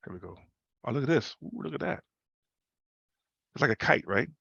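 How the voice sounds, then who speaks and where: A man's voice: medium pitch, expressive, moderate pace, gravelly, fairly bright tone, slightly rough, no echo. A man hosting a casual trading talk over a video call, loose and slangy, repeating himself and tagging questions onto his points. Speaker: host. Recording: muffled video call audio.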